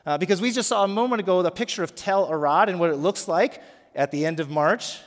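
Earnest preacher in a reverberant hall. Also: male voice, high-pitched, quick pace. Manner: earnest, emphatic preaching with prayer and congregational prompts. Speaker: pastor. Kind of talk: sermon. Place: worship center.

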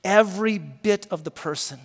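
A male pastor preaching a sermon, moving from hushed, slow prayer to loud emphatic teaching, and leading his congregation in repeating words. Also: sits high, husky. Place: church sanctuary. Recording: long reverb of a large hall.

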